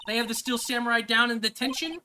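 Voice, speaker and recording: A woman voicing an excitable young female assistant from a game, with a high, squealing, exclamatory delivery. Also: fast talker, background noise, natural voice. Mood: excited.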